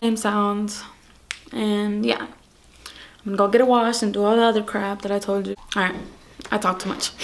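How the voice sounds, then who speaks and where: A woman's voice: mid-range voice, flat delivery, moderate pace, pauses often. A woman vlogging casually outdoors beside her car, rambling and swearing offhandedly, on a camera mic in the wind. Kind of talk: casual vlog.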